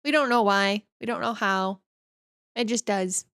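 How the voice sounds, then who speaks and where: A woman's voice: mid-range voice, unhurried, a bit bright, clear, resonant tone, dry recording, clean studio sound. A woman from northern Canada, a streamer chatting casually with her viewers in a rambling, easygoing way as she reads and answers chat.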